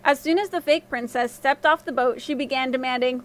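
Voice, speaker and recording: A woman with a high voice reads a scripted fairy tale for a podcast, expressive and lively as she keeps the story moving. She goes a little fast, barely pausing.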